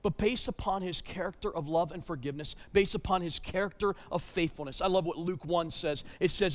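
Preaching in a big church hall with long reverb, a pastor speaks in a high, ringing voice, briskly and with few pauses. He is emphatic, swinging between urgent loudness and hushed tones, and repeats words as he stumbles into restarting a thought.

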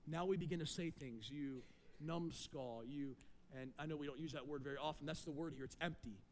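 A man pastor preaching a sermon, moving between loud emphatic points and low quiet asides. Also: fairly even intonation, rapid-fire, a little hiss or hum.

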